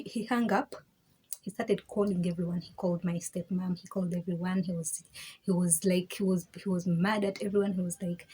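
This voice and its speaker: Speaking in a medium-pitched, slightly rough voice, a young woman vlogs about her own story in a casual personal video. She's animated, laughs, and performs the voices of people she quotes.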